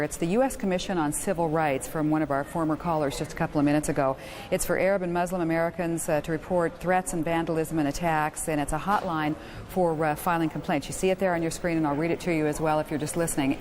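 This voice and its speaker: Low-voiced woman news anchor. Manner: steady, reads out phone numbers slowly. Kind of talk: live call-in news hosting.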